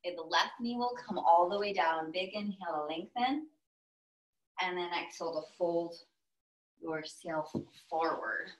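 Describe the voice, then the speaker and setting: A young woman with a Texan accent, a yoga instructor giving calm step-by-step cues with playful asides. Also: on the low side, a little slow, rough recording. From Texas, US. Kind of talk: guided yoga class cues.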